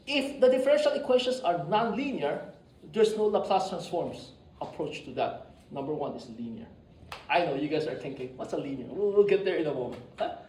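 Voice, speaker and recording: Male engineering lecturer, high bouncy voice, teasing and repetitive, recorded from afar in a reverberant room. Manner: animated, joking, often asks "right?". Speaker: engineering professor. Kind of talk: classroom lecture. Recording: echoey classroom, distant mic.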